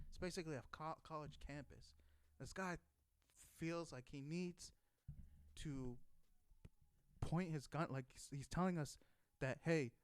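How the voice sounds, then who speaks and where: A man's voice: fairly high pitch, clear, resonant tone, dry recording. A man in his thirties, a former Marine, telling a casual, profane story and acting out heated quotes. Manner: swears constantly, acts out shouted quotes.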